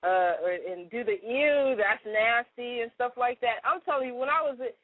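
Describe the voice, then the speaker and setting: Slightly high-pitched, expressive, and a bit quick, this woman co-hosts a radio show where she tells stories in a chatty way, laughing frequently amid casual comedy. Her recording is dry with a narrow, phone-like quality.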